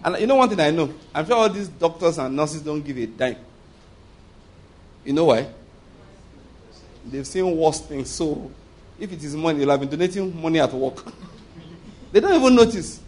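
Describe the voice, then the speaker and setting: Emphatic preacher, fairly high voice. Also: male voice, lively intonation, moderate pace, long pauses, a little mellow. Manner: emphatic, calls for congregation responses. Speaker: pastor. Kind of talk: sermon. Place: church.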